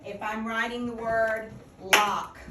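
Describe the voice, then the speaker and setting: A woman's voice: fairly high pitch, level tone, takes it slowly, over music. A woman teaching a phonics lesson, patiently asking questions and repeating the answers back. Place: classroom. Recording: echoey classroom from a distant mic with noise.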